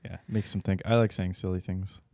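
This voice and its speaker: A man's voice: low-pitched, fairly even intonation, a little fast, a little mellow, no echo, studio quality. A man co-hosting a podcast in casual chat, joking and swearing freely. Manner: joking, swears, laughs at own bits. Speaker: podcast co-host.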